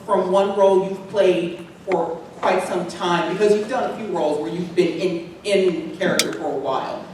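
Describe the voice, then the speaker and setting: A woman from San Francisco politely asking an actor a question on her daughter's behalf at a convention panel. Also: medium pitch. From San Francisco area. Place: large convention hall. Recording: echoey hall, mic from far, noisy.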